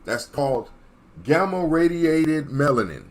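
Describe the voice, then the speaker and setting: With a fairly high voice and a measured pace, a man lectures his online audience in a very animated, sermon-like way. His delivery is emphatic and repetitive, punctuated by frequent "Okay?" check-ins.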